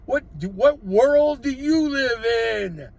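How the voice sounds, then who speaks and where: A man's voice: very high-pitched, animated, slow pace, creaky. An older man, a gig delivery driver, giving blunt, exasperated advice in a casual vlog from his vehicle. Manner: blunt, exasperated, lecturing with rhetorical questions.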